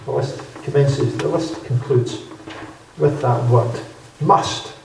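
A man preaching a measured, emphatic Bible-teaching sermon in a hall, repeating key phrases for weight. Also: mid-range voice, vocal fry, darkish tone, a little hiss or hum. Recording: very echoey hall, speaker far from mic.

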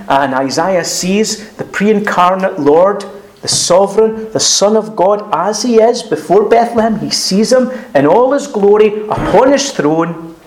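A man delivering an expository sermon in a somewhat high-pitched voice. He speaks earnestly and emphatically. He pauses between phrases and repeats his words for weight. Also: darkish tone. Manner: frequent pauses and restarts, clears throat. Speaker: preacher.

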